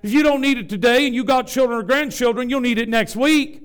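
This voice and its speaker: A Pentecostal bishop with a high, smooth, ringing voice preaches to his congregation. He talks in a rhythmic, folksy way and keeps calling questions out to the room. The sound is clear and resonant, the voice of a man at home in the pulpit. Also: quick pace. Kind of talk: sermon. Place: church before a congregation.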